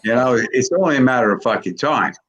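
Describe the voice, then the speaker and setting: A man in his sixties with a gravelly voice, rambling and swearing constantly in casual chat. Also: mid-range voice, animated, fast, fairly bright tone, a little hiss or hum, rough recording. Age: 60s. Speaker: video creator on a live call.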